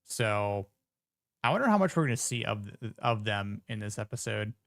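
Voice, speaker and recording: A man's voice: fairly low pitch, sing-song, normal speed, vocal fry, background noise. A man giving casual reaction commentary on a TV episode, blunt, profane and joking. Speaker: show reviewer.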